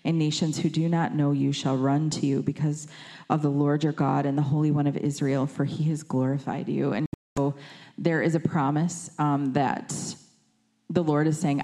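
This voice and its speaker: Low, mellow-voiced woman preaching. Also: moderate pace. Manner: conversational, with fillers and lively quoted voices. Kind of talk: sermon.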